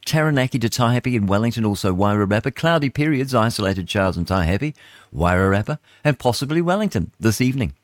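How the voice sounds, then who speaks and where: A New Zealand man hosts a morning radio show in a low, fairly deep voice. He rambles through weather reports with fillers and side remarks. The studio sound is close and dry. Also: lively intonation, fast, dry recording. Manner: rambling, chatty, asides and fillers. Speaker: radio host. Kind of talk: casual radio chat reading weather.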